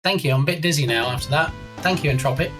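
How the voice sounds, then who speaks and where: Talking fast over music, this game dev streamer from England has a slightly high voice and a bit of a frog in his throat. He chats casually, reading and thanking viewers' messages, though the audio is poor.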